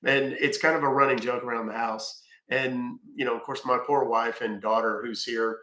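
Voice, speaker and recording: A man's voice: mid-range voice, steady tone, normal speed, bright, forceful tone, reverberant. A man hosting a casual live stream from home, rambling, thanking viewers by name and swearing offhand. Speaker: live-stream scambaiter host.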